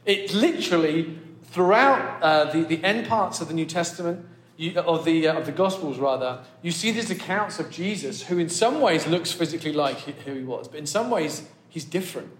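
A man, preaching a chatty, self-deprecating sermon that turns animated as he warms up. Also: on the high side, moderate pace, slight background noise. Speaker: pastor. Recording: echoey hall.

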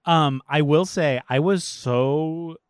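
A man's voice: a little high, slow pace, clean tone, no room sound, clean studio sound. A man co-hosting a casual movie podcast, chatty, full of "like," swearing freely. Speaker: podcast co-host.

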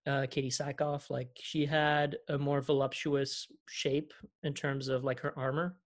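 A man's voice: mid-range voice, level tone, unhurried. A man co-hosting a casual podcast from home, rambling with lots of fillers. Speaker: podcast co-host. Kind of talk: casual chat.

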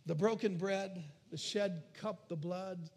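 A man preaching a sermon, animated, swinging from loud calls to hushed near-whispers. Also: high voice, slow pace. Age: adult. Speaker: pastor.

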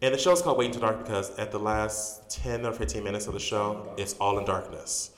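A man's voice: lowish voice, brisk. A man, a stage actor being interviewed, telling stories casually with lots of fillers and restarts. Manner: animated storyteller, many fillers and restarts. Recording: roomy reverberant room.

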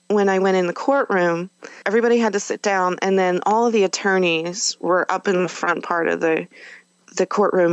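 A woman's voice: on the low side, no echo, lo-fi sound. A woman guest on a podcast, candidly recounting a personal experience in a conversational way, with fillers and self-corrections.

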